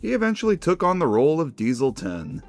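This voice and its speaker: A man's voice: on the high side, wildly swooping pitch, brisk, faint music behind. A man giving scripted, enthusiastic narration for a fan video essay. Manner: enthusiastic, conversational fan commentary.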